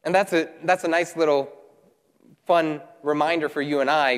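A man preaching a sermon, reading scripture and retelling it with animated asides and voices for the characters. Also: mid-range voice, brisk, clear, resonant tone. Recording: long hall reverb.

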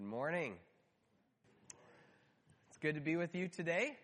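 A man's voice: a little high, big pitch swings, slow, long pauses, fairly bright tone, long reverb tail. A man in his thirties, a pastor, praying and then preaching with an earnest, story-telling manner and light humor. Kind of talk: prayer and sermon.

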